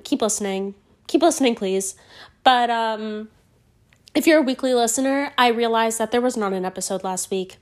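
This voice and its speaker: Hoarse, sassy woman podcast host. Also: on the high side, darkish tone. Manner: rambling, profane and playfully sassy. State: hoarse from a cold. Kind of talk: solo podcast chat.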